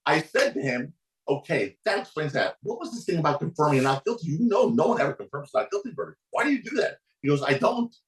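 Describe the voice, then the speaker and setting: A man's voice: quick pace, echoey room, rough recording. A man telling a courtroom story on a podcast as a guest attorney, acting out the people in it with big swings in his voice. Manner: animated, acts out quotes with big pitch swings. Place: podcast studio.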